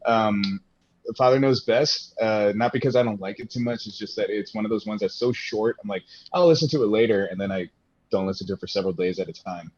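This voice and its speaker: A man's voice: lowish voice, brisk, darkish tone, lo-fi sound. A man, a guest on a podcast, talking in a rambling, casual way with laughs and many restarts.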